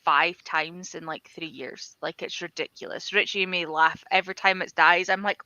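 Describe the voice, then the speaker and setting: Blunt bright-voiced woman on a call. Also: on the low side, fairly even intonation, normal speed, few pauses, dry recording, muffled recording. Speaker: guest in a reading sprint. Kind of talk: casual chat.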